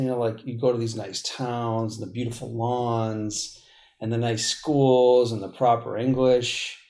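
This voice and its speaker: A man in his forties from Boston, a podcast guest telling stories in a blunt, profane, animated way. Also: mid-range voice. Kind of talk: casual storytelling.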